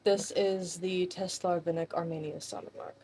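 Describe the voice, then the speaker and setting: A woman playing in a tabletop game, speaking in a measured, formal way in character. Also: lowish voice, fairly even intonation, dark tone, a little hiss or hum. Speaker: player.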